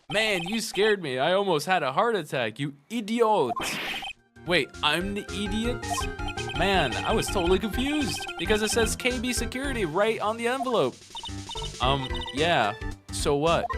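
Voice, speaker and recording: Let's play voice, mid pitch, hops between character voices and jokes, game music under it. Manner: switches between several character voices, animated and jokey. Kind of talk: playful voiced read-along of a game.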